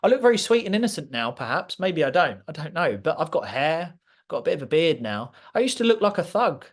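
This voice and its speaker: A guest speaker with a slightly raised pitch gives a motivational talk before a live audience. His delivery is clear, authoritative, direct and emphatic, and he presses his points passionately while staying very animated and fairly quick.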